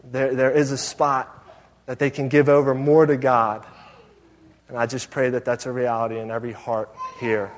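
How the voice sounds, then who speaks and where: A man's voice: medium pitch, level tone, moderate pace. A man preaching a sermon as pastor, telling a personal story in an earnest, conversational way. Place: church sanctuary. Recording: long hall reverb.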